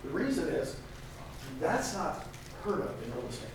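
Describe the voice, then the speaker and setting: A man's voice: high voice, sing-song, moderate pace, background noise. An older man giving an emphatic motivational talk to a live audience, repeating phrases for effect. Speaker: conference speaker. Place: large conference room. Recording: echoey hall, mic at a distance.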